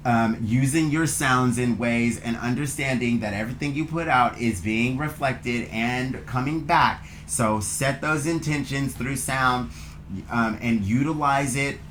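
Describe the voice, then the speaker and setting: A man hosting a spiritual card reading channel, speaking gently and affectionately in a loose, meandering way, with many fillers. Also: mid-range voice, a little slow, a little hiss or hum. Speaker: channel host, tarot reader. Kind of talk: spiritual oracle reading, affirmations.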